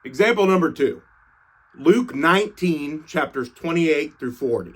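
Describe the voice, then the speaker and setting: A man's voice: on the high side, expressive, unhurried. A young man irreverently retelling scripture as comedy, slangy and swearing casually. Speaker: comedic storyteller.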